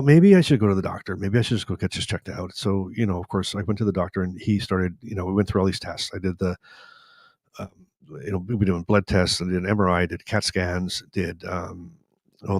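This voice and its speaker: Candid man telling his story, low voice. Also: no room sound, studio quality. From Canada. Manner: candid, rambling, animated retelling with self-quotes. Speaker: host. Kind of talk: live-stream storytelling.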